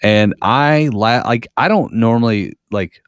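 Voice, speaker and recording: A man's voice: medium pitch, a little slow, smooth, no room sound, clean studio sound. A man in a casual podcast chat, a profane, rambling storyteller.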